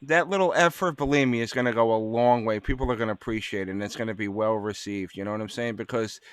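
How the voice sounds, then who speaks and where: A man's voice: fairly low pitch, fast, smooth, no room sound. A man from New Jersey hosting a radio interview, chatty and full of fillers. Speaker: radio show host. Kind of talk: casual interview.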